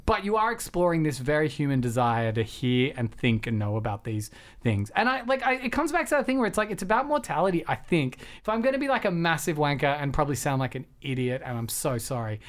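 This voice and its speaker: A man's voice: fairly high pitch, sing-song, quick pace. A man hosting a casual film podcast, rambling and self-deprecating with many fillers and restarts. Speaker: podcast host.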